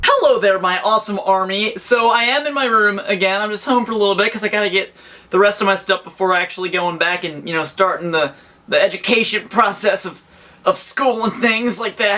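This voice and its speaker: Bright, excitable young American man. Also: high-pitched, brisk. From United States. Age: young adult. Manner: excitable, jokey, rambling with restarts. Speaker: vlogger. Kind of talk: casual vlog to camera. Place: bedroom indoors.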